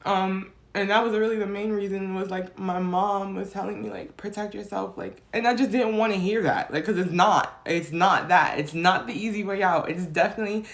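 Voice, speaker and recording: A woman's voice: medium pitch, steady tone, normal speed, creaky, few pauses. A young adult woman telling her personal story in a vlog, rambling with many fillers and restarts, tearful and emotional. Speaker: vlogger.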